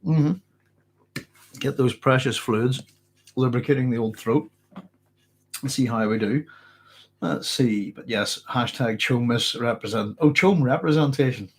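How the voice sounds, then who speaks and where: A man's voice: mid-range voice, measured pace, long pauses, slight background noise. A middle-aged man with a mixed Northern Irish accent and a cold, casually answering live chat questions with many restarts. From Northern Ireland. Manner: rambling, many restarts, chuckles often. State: has a cold, hoarse throat. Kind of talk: casual livestream Q&A.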